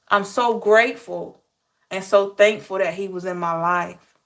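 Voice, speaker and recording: A woman tarot reader sharing personal memories in a slow, emotional, heartfelt way, with soft hums between thoughts. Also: medium pitch, fairly even intonation. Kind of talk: personal reflective talk.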